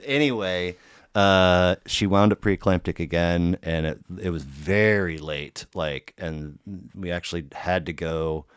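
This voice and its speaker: A low-pitched man with a smooth, resonant voice, recorded close and dry. He chats loosely and profanely, piling up fillers and restarts as he tells his story. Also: measured pace, no echo. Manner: profane, rambling, filler-heavy. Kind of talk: casual storytelling chat.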